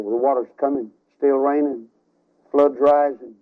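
A man preaching a revival sermon, telling a story dramatically with sudden swings between loud and soft, on a tinny radio broadcast recording. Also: a little high, animated, normal speed.

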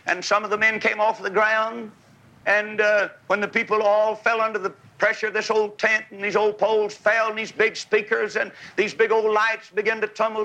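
A man preaching a fiery revival sermon under a big tent, exhorting and swinging from soft to shouting. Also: high voice, gravelly, poor audio.

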